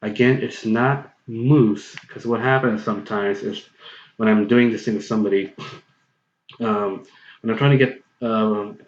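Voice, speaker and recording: Slow, low-voiced man teaching. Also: steady tone. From United States. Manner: patient, repetitive, explains step by step, often says okay. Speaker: online language tutor. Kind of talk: explanatory tutorial voice-over. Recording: roomy, slightly dull home recording.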